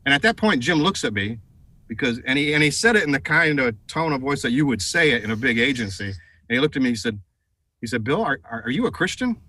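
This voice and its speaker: A middle-aged man tells a story as a TV interview guest. His voice is bright and forceful. He talks in an animated way and leans on fillers and restarts. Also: medium pitch, fast talker, no echo, rough recording. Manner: animated, many fillers and repeated words. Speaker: guest, advertising executive.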